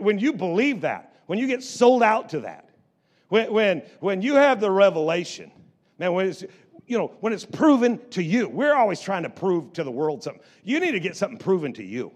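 A middle-aged man preaching a sermon in church, stammering through restarts and moving between quiet storytelling and loud exhortation. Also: high-pitched, sing-song, moderate pace. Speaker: pastor.

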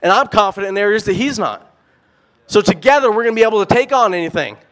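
A young man preaching a sermon, animated and emphatic, firing off rhetorical questions and repeating words. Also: high-pitched, fast talker.

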